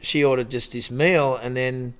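A man's voice: medium pitch, fairly even intonation, moderate pace, fairly bright tone, smooth. A man with an Australian accent, a lifeguard guest telling a long anecdote in casual chat, often restarting his sentences. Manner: rambling, with many restarts and laughs. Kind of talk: casual storytelling.

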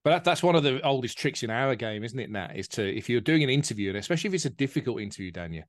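A man co-hosting a podcast, chatting casually and telling jokes with lively anecdotes. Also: mid-range voice, rapid-fire, no echo, studio quality. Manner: chatty, animated anecdotes with put-on voices. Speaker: podcast co-host. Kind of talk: casual chat and joke telling.

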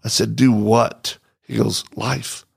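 A man's voice: medium pitch, slow pace, vocal fry, husky. A middle-aged man hosting a podcast, telling a story and acting out the quoted voices. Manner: animated, acts out quoted voices. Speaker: podcast host. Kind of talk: storytelling in a casual chat.

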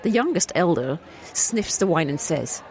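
A man's voice: fairly high pitch, sing-song, moderate pace. A man narrating an improvised comic story, playful and often laughing.

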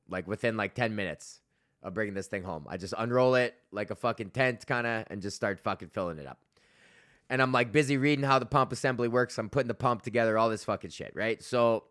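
A man's voice: mid-range voice, fairly bright tone, dry recording, studio quality. A man hosting his podcast, telling a rambling, profane story packed with fillers and laughing at his own jokes. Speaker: podcast host and stand-up comedian. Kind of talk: casual rambling monologue.

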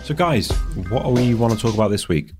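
A man co-hosts a casual podcast, talking fast with an animated, jokey delivery. His pitch jumps around a lot, and music sits under the talk. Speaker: podcast co-host.

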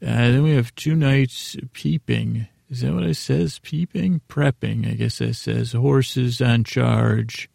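A man's voice: medium pitch, vocal fry, dark tone, no room sound, studio quality. A man casually recapping a TV episode on a podcast, rambling and paraphrasing scenes with lots of fillers.

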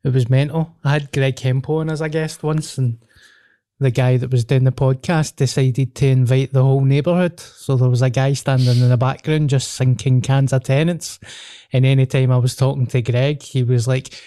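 A man's voice: medium pitch, level tone, normal speed, mellow, dry recording, clean studio sound. A man with a Glaswegian Scottish accent hosting a podcast, chatting casually in sweary, laughing banter. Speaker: podcast host. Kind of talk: casual chat.

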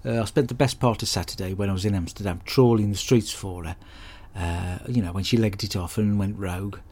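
Hapless crude bloke, played by a man, deadpan rambling monologue. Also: fairly low pitch, brisk. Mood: grumbling. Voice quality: deadpan, sweary, rambling storyteller. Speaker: comedy podcast character host. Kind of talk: scripted comic monologue.

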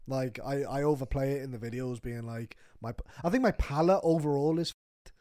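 A man's voice: medium pitch, a little fast, warm tone, no echo, studio quality. A young man co-hosting a podcast in casual chat, chatty and easily amused, reading out listener questions. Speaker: podcast co-host.

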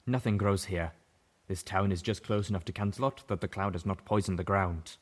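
A man's voice: low-pitched, fairly quick. A man voicing a starving, fearful zebra mare in an audiobook, her voice cracking and bitter. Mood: weary. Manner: pleading, fearful. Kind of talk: audiobook character voice.

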